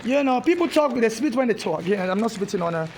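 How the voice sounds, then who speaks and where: A woman's voice: on the high side, expressive, fast, a crowd in the background. A woman from Nigeria, ranting in an agitated, repetitive, insistent way indoors in a public building, recorded on a handheld phone. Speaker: protester. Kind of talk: angry ranting monologue.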